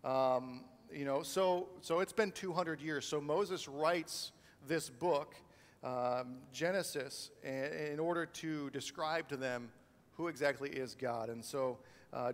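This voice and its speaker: A man's voice: on the high side, long reverb tail. A man preaching a sermon as a pastor, talking in a conversational way with many fillers and restarts. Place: church sanctuary.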